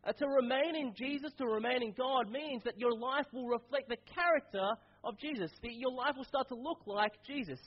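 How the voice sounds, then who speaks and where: A man's voice: very high voice, a little fast, few pauses, lo-fi sound. A man preaching a sermon in a casual, conversational way, his voice stuffy and nasal from a cold.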